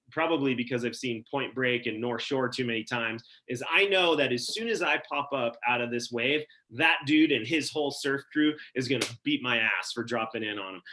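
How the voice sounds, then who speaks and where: A man from Wyoming telling a personal story at a story slam, casual and animated with many "like" fillers. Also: mid-range voice.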